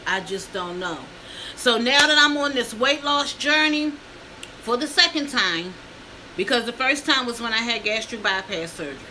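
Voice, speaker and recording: Woman, 50s, tearful vlogger speaking to viewers, high bright voice, slow delivery. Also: a little hiss or hum, rough recording. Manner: addresses viewers as y'all, breaks down crying. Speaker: mukbang vlogger. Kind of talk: emotional storytelling to viewers.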